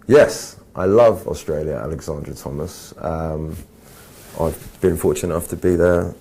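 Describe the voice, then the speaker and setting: A young man with an English accent talks in a slow, measured, unhurried way, relaxed and easygoing. His voice sits very low and sounds dark and mellow. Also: gravelly, breathy edge. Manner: slow, measured, laid-back. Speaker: actor interviewee. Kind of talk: casual interview.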